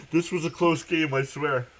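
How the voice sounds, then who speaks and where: Laughing man calling a baseball game. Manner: laughs often while calling pitches and reading chat. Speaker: live stream play-by-play host. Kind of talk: casual live play-by-play commentary.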